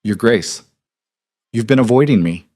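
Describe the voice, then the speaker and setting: A man reading a cold, guarded young duke who speaks low, clipped and commanding in an audiobook. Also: expressive, a little slow, darkish tone, no room sound, clean studio sound, close to an everyday voice. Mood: cold, controlled.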